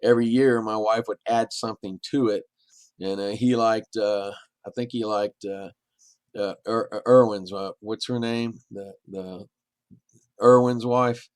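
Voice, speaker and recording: A man's voice: lowish voice, fairly even intonation, unhurried, a little mellow, no echo. A middle-aged man, a podcast guest, telling long rambling stories in a casual, anecdotal way. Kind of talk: casual storytelling.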